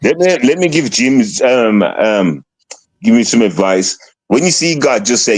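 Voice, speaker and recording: A man's voice: medium pitch, very animated, measured pace, dry recording. A male streamer talking in casual stream chat, taunting and swearing a lot.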